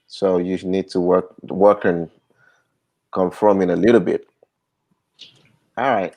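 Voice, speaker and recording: A man's voice: sits low, steady tone, slow, a little mellow. A man in a casual group discussion who laughs often and restarts his sentences when he hesitates.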